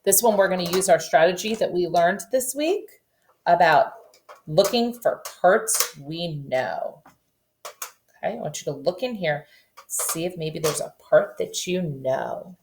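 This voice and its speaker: A woman teaching a phonics lesson to children over video, sounding out letters and reading a nursery rhyme slowly and deliberately. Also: on the low side, expressive, darkish tone, a little hiss or hum. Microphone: camera facing the teacher.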